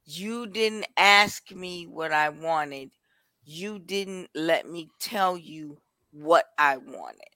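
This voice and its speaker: A woman's voice: on the low side, very slow, sharp tone, no room sound. A woman talking bluntly and candidly in a casual chat, swearing freely and repeating herself for emphasis.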